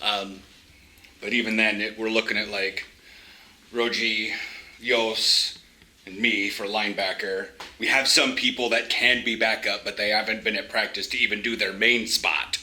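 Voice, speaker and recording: A man talking casually and joking as he walks through a city and park, speaking into a handheld camera. He swears freely, and his voice is loud and booming. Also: flat delivery, moderate pace, rough recording. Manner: chatty, joking, swears often. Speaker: vlogger. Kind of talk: casual walking vlog chat. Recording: street noise and passing traffic. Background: traffic and trams.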